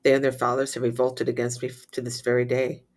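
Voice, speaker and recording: Male prayer reader, flat even delivery, steady liturgical recitation of psalms and readings. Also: medium pitch, fast talker. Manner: steady chanting recitation with slips and restarts. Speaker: prayer leader.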